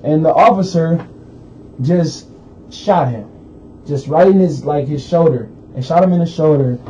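A man co-hosts a radio talk show, recounting a news story in loose, rambling current-events chat packed with fillers. His voice sits on the high side, warm and a little slow, on a dull lo-fi radio recording with faint hiss.

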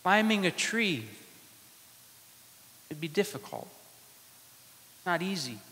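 Priest guy giving a sermon, slow and measured, bright voice, long echo from the church. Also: high-pitched, sing-song. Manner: slow, measured preaching with dramatic pauses.

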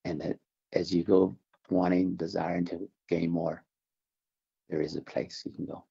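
Gravelly low-voiced man giving earnest testimony. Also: level tone, dark tone, muffled recording. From Navajo Nation, American Southwest. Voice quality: gravelly, husky. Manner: earnest, halting with repeated restarts. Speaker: interview guest. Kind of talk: religious testimony interview.

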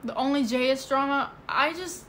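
A woman talks loosely into her phone during a livestream, filling her sentences with "like" and "you know". Her voice sits on the high side. A faint background hum runs under her speech. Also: moderate pace, a bit bright. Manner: rambling, full of "like" and "you know". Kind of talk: casual livestream chat. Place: indoors at home.

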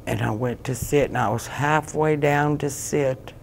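A woman giving emotional personal testimony as an interview guest, halting and repeating phrases as she relives what happened. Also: rumbling low, vocal fry, a little hiss or hum. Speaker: guest, bereaved mother.

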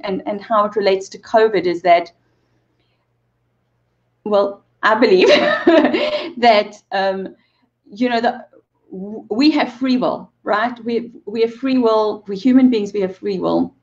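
A woman's voice: mid-range voice, lively intonation, takes it slowly, pauses often, muffled recording. A woman in her forties, a movement coach and interview guest, telling an emotional personal story with earnest repeated phrases and bits of laughter.

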